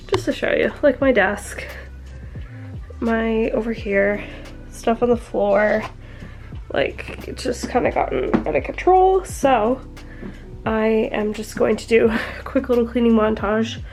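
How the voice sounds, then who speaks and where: A woman's voice: a little high, creaky. A woman talking casually and upbeat in a weekend vlog, with lots of fillers. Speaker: lifestyle vlogger.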